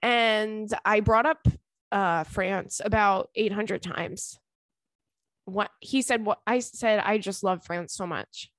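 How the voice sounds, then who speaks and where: A young woman hosting a podcast, telling a story in a chatty, animated way and laughing often. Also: medium pitch, slow pace, no echo. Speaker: podcast host. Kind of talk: casual storytelling to listeners.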